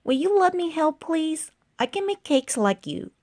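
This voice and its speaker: Jane, a cheerful little girl from a storybook, as a woman reading aloud puts her on, chirps high and eager, her sing-song voice leaping up and down. She speaks slowly, every line bouncing with delight. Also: sing-song, a little mellow.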